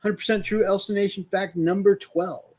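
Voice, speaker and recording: A man co-hosting a casual live-stream chat, jokey and quick to laugh. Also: sits high, steady tone, darkish tone. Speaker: podcast co-host.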